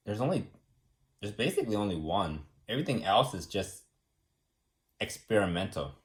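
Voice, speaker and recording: A man from the United States explaining government in a casual, rambling way, repeating words and filling pauses with "like" and "um". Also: fairly low pitch. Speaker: explainer teaching about government.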